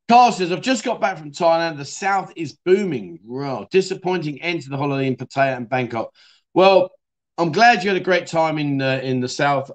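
A middle-aged Englishman hosts a relaxed livestream, chatting in a matey, easygoing way as he answers viewers. His voice sits a little high for a man. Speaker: livestream host. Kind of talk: casual livestream chat.

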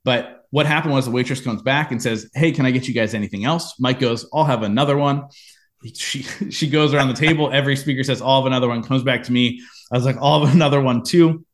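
A man in a podcast interview, telling a personal business story with lively acted-out quotes. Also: mid-range voice, brisk. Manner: animated storyteller, acts out quoted lines. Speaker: podcast guest, entrepreneur.

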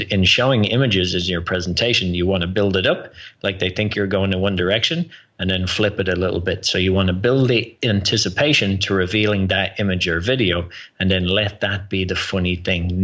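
A man's voice: low-pitched, dull audio. An Irish man, a guest on a podcast interview, energetically explaining advice on public speaking. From Ireland. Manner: energetic, explanatory, drops into quoted voices.

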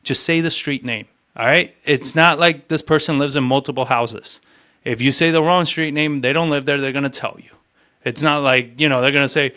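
A man's voice: on the high side, a little fast, pushed and bright. A man coaching cold calling in a blunt, profane way, acting out both sides of phone calls as he teaches. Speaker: sales coach.

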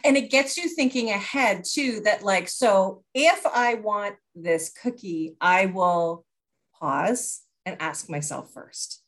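A woman from Canada, a guest expert on a podcast, telling stories in an animated way and acting out dialogue. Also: mid-range voice, takes it slowly. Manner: animated storyteller who acts out dialogue. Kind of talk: conversational podcast interview.

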